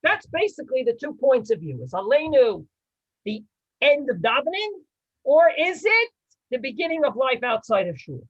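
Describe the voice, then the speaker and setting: A man teaches a class with a husky edge to his voice. His pitch swings widely as he quizzes and teases the people listening. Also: very animated, normal speed, a bit bright, dull audio. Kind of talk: lively spoken class.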